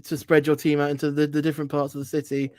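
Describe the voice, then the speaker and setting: A man appearing as a guest on a casual livestream, speaking in a relaxed, thoughtful way with many pauses and fillers. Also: a little high, dry recording, studio quality.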